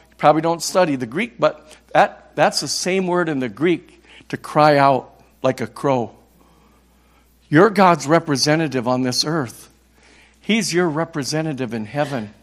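An evangelist from Minnesota, a man in his sixties, delivers a passionate sermon, repeating words as he builds to loud cries. His voice sits on the high side, and he takes his time.

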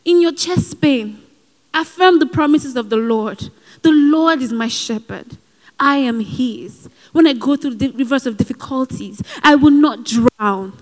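A woman preaches with earnest urgency, mixing exhortation with personal asides. Her voice sits high, and each phrase rings on in a large hall with long reverb. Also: unhurried. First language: not given. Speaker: speaker at a Christian gathering. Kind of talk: sermon.

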